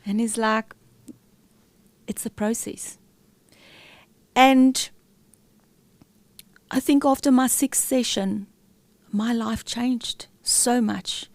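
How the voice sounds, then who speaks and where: A woman's voice: fairly high pitch, fairly even intonation, drawn-out words, long pauses, no room sound. A middle-aged woman, a podcast guest, telling a candid, emotional personal story with many fillers and restarts.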